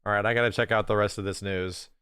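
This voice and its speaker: A man chatting casually to his live-stream audience, excitable and quick to laugh. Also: fairly low pitch, smooth, no echo, studio quality. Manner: excitable, talks to his chat, laughs easily.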